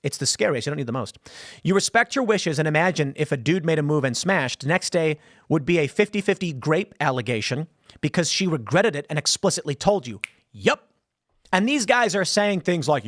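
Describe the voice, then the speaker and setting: A man's voice: a little high, lively intonation, moderate pace, fairly bright tone, dry recording, clean studio sound. A man in his thirties hosting a casual commentary show, talking animatedly, acting out quoted voices and restarting often.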